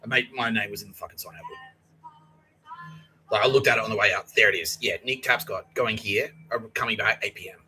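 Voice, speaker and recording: A man's voice: fairly low pitch, fast, bright, forceful tone, faint music behind, poor audio. A man hosting a podcast, telling a story in a rambling way, swearing heavily and using many fillers. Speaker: podcast host. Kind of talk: casual storytelling.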